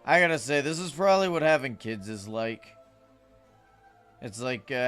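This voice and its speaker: A man's voice: mid-range voice, expressive, normal speed, pauses often, a bit bright, faint music behind. A man chatting casually with viewers while livestreaming a game, rambling and greeting chat. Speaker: streamer.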